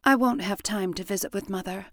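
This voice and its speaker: A woman's voice: mid-range voice, fairly quick, a bit bright, no echo, clean studio sound, close to an everyday voice. A woman doing a cool, guarded young widow. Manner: cool, clipped, polite. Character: composed, guarded young widow hiding her feelings.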